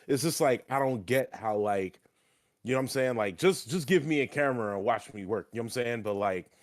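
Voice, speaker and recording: A young man talks off the cuff on a livestream, his voice sitting at an ordinary middle pitch. He rambles loosely and leans hard on the filler "like." He swears freely. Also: a little fast. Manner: loose, profane, heavy on filler "like". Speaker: streamer and wrestling trainee. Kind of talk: casual stream chat.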